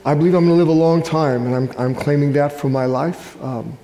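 An older man serving as guest pastor preaches a sermon in a large church hall, his voice mellow, somewhat high, and a little quick. He tells it like a chatty story, sprinkling in small self-deprecating jokes. The recording is echoey and captured from far away.

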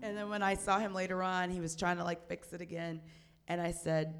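A woman in her thirties telling a loud, profane story in casual chat, acting out the quotes with a rising voice. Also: lowish voice, completely flat delivery, a little fast, clean tone.

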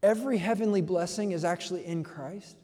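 Young male pastor, slangy, dynamic sermon delivery, slightly high voice, reverberant hall sound. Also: brisk. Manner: energetic preaching, swings from soft to loud.

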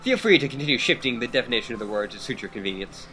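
Dude reading a smart-mouthed teen girl, dry and wordy, bright crisp voice. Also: mid-range voice, animated, very fast, soft background music, rough recording. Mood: skeptical. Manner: dry, verbose, ironic. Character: wry, wordy teenage girl.

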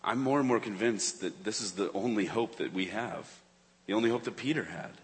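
A lower-voiced man preaches to his congregation, earnest and searching. He builds to urgent emphasis, then drops almost to a hush. His voice rings with the long reverb of a large church hall. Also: a little fast. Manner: earnest, rises and falls between urgent and hushed. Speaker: pastor. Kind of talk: sermon. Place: church sanctuary.

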